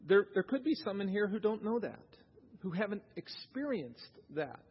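A husky, high-pitched pastor swings widely in pitch while preaching at a normal pace. He speaks conversationally to his congregation and puts questions to them, recorded dully with church reverb.

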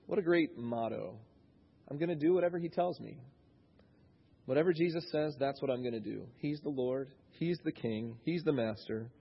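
Husky guy in his 30s preaching, chatty and restarting a lot, kinda dull lo-fi sound. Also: mid-range voice. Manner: conversational, thinking aloud with many restarts. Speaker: pastor. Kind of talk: sermon.

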